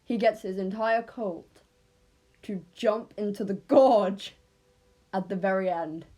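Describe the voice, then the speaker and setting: A woman's voice: mid-range voice, slow pace, warm tone. Rambling English woman, unscripted. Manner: rambling, self-correcting. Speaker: storyteller. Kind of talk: unscripted casual storytelling.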